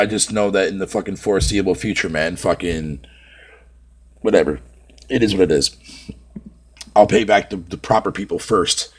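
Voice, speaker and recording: Male streamer, ranting casually with lots of profanity; pitch rises and falls widely; rambling, filler-heavy delivery. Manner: venting, heavy swearing, rambling; frequent filler phrases. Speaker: live streamer. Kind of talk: casual live-stream chat.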